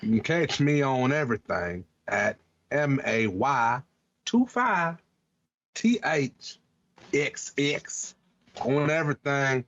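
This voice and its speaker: A man's voice: mid-range voice, animated, slow pace, a bit bright, dry recording. A man putting on a drawling Western cowboy voice with folksy grammar, playing around on a podcast. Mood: laid-back. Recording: dull lo-fi sound.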